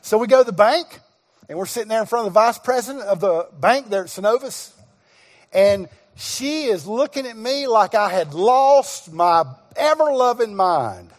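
A middle-aged male guest pastor preaching, telling a personal story with acted-out dialogue and sudden shouts. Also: sits high, normal speed. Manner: animated storyteller, acts out dialogue, bursts into shouts. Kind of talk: sermon storytelling. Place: church sanctuary. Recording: long reverb of a church hall.

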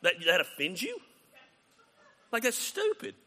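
A man preaching a sermon as pastor, conversational and animated, acting out quoted exchanges. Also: high-pitched, a little slow, big-room sound.

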